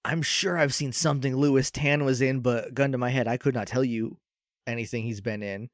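A young man chatting casually about movies, rambling with fillers and quick laughs. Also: mid-range voice, steady tone, dry recording, studio quality. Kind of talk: casual chat.

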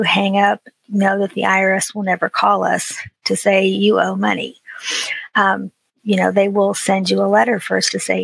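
Creaky, husky woman chatting as a guest. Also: medium pitch, moderate pace, dry recording, poor audio. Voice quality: chatty, many "you know" fillers, animated retellings. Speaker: podcast guest. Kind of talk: casual conversational chat.

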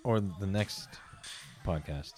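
A man's voice: low-pitched, slow pace, a little mellow, a little hiss or hum. A young man co-hosting a podcast, telling loose, profane stories and laughing often in casual chat. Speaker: podcast co-host.

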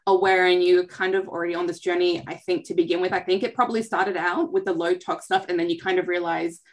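A woman's voice: on the low side, flat delivery, fast talker. Bubbly Australian woman hosting a video chat. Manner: bubbly, chatty, self-deprecating. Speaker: host, counsellor. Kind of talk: live online interview. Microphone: video call.

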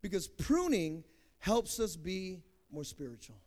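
Young male pastor, very high-pitched, preaching with emphatic swells and soft asides. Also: big pitch swings, unhurried. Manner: preaching, rising to loud emphatic peaks then dropping soft. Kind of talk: sermon.

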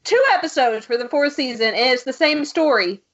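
A woman with a high voice chats on a podcast, venting in an emphatic, exasperated way. The recording is muffled and lo-fi. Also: expressive, brisk, a bit bright. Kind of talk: casual chat. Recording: dull lo-fi sound.

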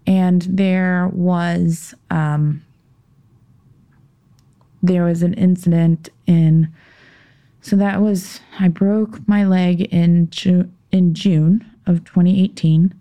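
On a podcast, a woman guest shares a personal story in conversation, her speech halting and full of restarts and pauses, turning into a tense whisper when she grows heated. Her lowish voice is mellow with fairly even intonation.

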